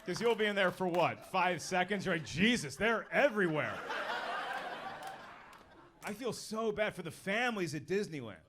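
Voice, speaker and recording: A man's voice: sits high, lively intonation, brisk, hardly any pauses. A man doing a stand-up comedy set on a club stage, talking in a punchy, conversational way and working the crowd. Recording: noisy live club recording.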